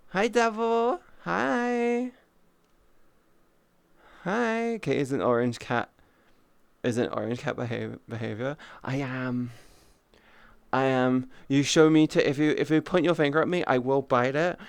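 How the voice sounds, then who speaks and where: Male VR streamer, swears and jokes with his chat, unhurried delivery with a smooth, clear tone. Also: a little high, steady tone, dry recording. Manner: crude, profane, joking banter; greets and thanks chat viewers. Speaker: VR livestreamer. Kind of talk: casual livestream chat.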